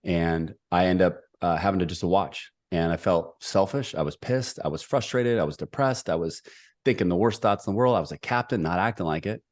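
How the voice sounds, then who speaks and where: A middle-aged man telling a personal story as a podcast guest, energetic and emphatic. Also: low-pitched, brisk. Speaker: podcast guest, executive coach.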